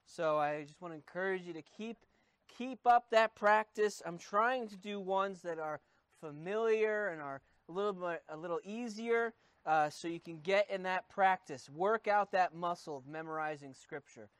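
A male pastor in his thirties preaches to his congregation in a relaxed, conversational way, with plenty of ums and uhs. His voice sits notably high for a man. The sound is close and dry, with no room echo. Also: moderate pace, clear, resonant tone. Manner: conversational, encouraging, with many fillers. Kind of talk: sermon.

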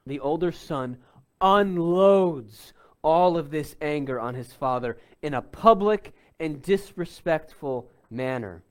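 A man pastor delivers an expository sermon, his voice sitting a little high for a man. He takes his time, laying out each point deliberately, then punches certain words for emphasis. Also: expressive. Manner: deliberate teaching tone with emphatic bursts.

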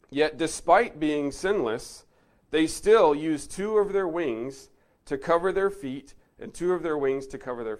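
A man giving an earnest Bible teaching, stressing key words and then dropping to a soft, reflective tone. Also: mid-range voice.

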